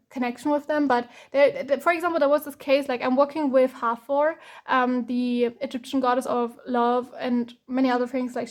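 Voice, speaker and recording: A woman's voice: high-pitched, a little mellow. A woman from Germany, giving a chatty, rambling tarot reading full of fillers and restarts. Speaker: tarot reader.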